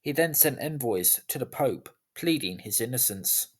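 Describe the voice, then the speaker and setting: Guy narrating a history video, calm measured pace, mid-pitched voice. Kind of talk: scripted narration.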